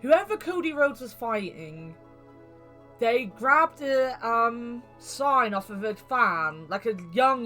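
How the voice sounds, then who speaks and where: A woman chatting casually while streaming a game, telling rambling, animated stories over faint game music. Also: fairly high pitch.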